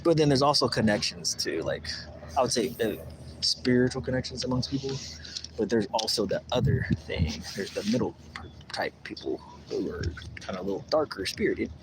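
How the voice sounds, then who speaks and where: A man talks on a casual livestream, his pitch sitting in the middle. He rambles and restarts, acting out the voices of the people in his story. The recording is noisy with outdoor ambience. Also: fairly quick. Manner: rambling, animated, acts out quoted voices. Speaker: livestream host. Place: outdoors at a lake.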